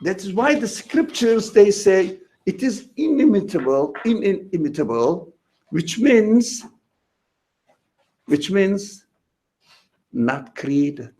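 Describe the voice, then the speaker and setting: A man teaching a class on religion, speaking slowly and emphatically and repeating his key words. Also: sits high, very animated, warm tone. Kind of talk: lecture to a class.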